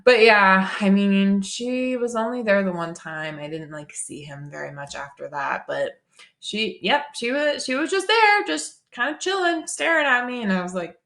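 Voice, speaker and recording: A woman's voice: mid-range voice, expressive, normal speed, fairly bright tone. A young woman, a massage therapist co-hosting a podcast, telling stories casually, swearing and acting out quotes. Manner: storytelling, swears, acts out quotes. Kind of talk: casual chat. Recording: roomy echo.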